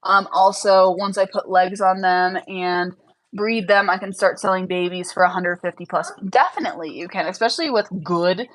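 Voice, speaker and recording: A woman's voice: mid-range voice, normal speed, low-quality recording. A young woman hosting a casual livestream, chatting frankly with viewers and answering their questions with lots of fillers. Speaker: livestream host, rabbit breeder.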